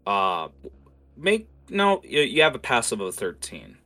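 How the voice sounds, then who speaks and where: A man's voice: medium pitch, huge pitch swings, unhurried, bright, forceful tone. A man narrating as game master, loose and full of fillers.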